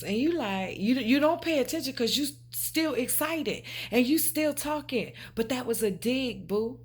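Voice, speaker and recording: A high-pitched, animated woman speaks unhurriedly yet with hardly any pauses, her voice breathy at the edges. She's a spiritual vlogger talking to camera, preachy and emphatic, repeating herself and calling viewers babe and honey.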